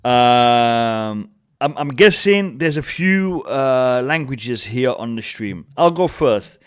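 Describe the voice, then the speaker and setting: A man's voice: medium pitch, expressive, takes it slowly, clean tone. A man hosting a casual group chat on a live stream, chatty and laughing, often repeating himself. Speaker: stream host.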